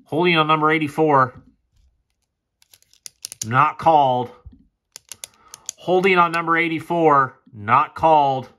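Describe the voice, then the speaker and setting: A man's voice: on the high side, takes it slowly, long pauses, bright, forceful tone. A man casually breaking down football game film, frustrated and sarcastic and swearing often. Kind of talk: casual play-by-play film commentary.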